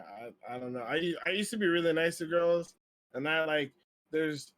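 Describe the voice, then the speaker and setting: Young male co-host, high voice, animated profane storyteller, dry close sound. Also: dry recording. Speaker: podcast co-host. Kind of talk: casual chat.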